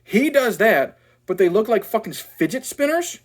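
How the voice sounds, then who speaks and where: A man's voice: high-pitched, big pitch swings, moderate pace. A man ranting in a casual movie review, blunt, profane and sarcastic.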